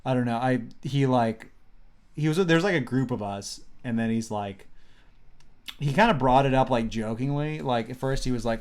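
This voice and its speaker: A man's voice: medium pitch, expressive, fairly quick, darkish tone. A young man co-hosting a casual comedy podcast, rambling through stories with swearing, restarts and acted-out quotes. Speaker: podcast co-host.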